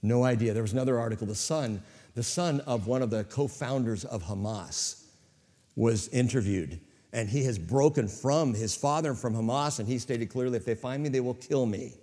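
A man's voice: mid-range voice, moderate pace, dark tone, in a large hall. A man preaching a sermon as pastor to a church congregation, with dramatic swings in volume.

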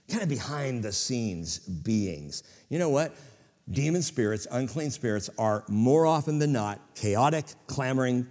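Animated pastor preaching in a reverberant church. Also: male voice, medium pitch. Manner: animated preaching with dramatic swings in volume. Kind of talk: sermon. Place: church, before a congregation.

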